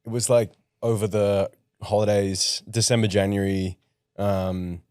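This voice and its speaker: Low-voiced young man, relaxed and halting. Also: smooth, no room sound, clean studio sound. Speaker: guest musician. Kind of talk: casual podcast chat.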